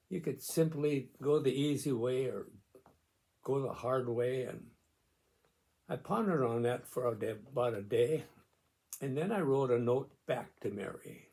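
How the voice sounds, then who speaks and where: A man in his nineties hosting his own video channel, speaking slowly and gently about caregiving, pausing often, then reading aloud a note he wrote. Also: mid-range voice, vocal fry. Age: 90s. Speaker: video host on memory loss and caregiving. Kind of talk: slow personal reflection to camera.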